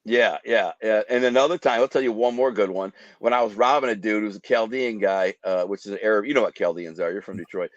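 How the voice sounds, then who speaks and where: A man's voice: on the low side, fast talker, few pauses, dry recording. Podcast guest, male, vivid storyteller who mimics gunfire; dry lo-fi sound. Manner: vivid, acts out gunshots with sound effects. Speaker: guest telling life stories. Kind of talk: animated storytelling.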